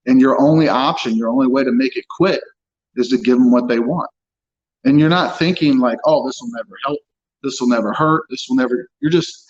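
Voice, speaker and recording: A man's voice: mid-range voice, dull audio. A man telling his own story as an interview guest, blunt and frank, swearing freely as he talks. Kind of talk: candid personal account.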